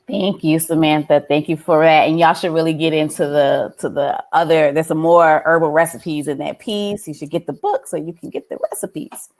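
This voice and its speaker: A woman moderating an online panel over a video call, chatty and relaxed, with a light lilt. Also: low-pitched, normal speed, hardly any pauses. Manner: warm, chatty, laughing asides. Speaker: event moderator.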